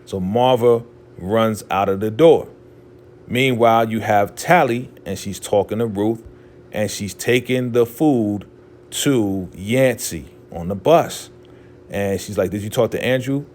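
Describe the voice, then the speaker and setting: A man hosting a casual show recap, telling the story in an animated way and acting out quotes. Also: on the low side, slow, a little hiss or hum.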